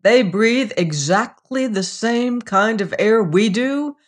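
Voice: mid-range voice, lively intonation, slow, voice pushed up. A reader voicing a burly, suspicious uncle who speaks in a sly, needling way.

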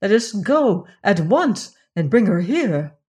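A woman's voice: medium pitch, very animated, slow pace, darkish tone, husky, full character voice. A woman voicing a grieving older queen in a storybook reading, speaking in a sighing, earnest way. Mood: sorrowful. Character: grieving older queen, sorrowful then resolute.

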